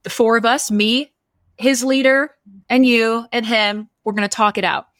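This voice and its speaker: Woman, podcast co-host; lively storyteller who acts out the dialogue; dry close mic. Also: a little high, moderate pace, dry recording. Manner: animated, acts out quoted dialogue. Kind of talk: casual storytelling chat.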